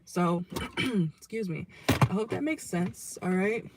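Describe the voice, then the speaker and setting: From inside a car, a young adult tarot reader chats casually to viewers while losing their voice, sounding hoarse. They speak slowly and animatedly in a mid-range voice, often ending phrases with a questioning "okay?", and the background is noisy.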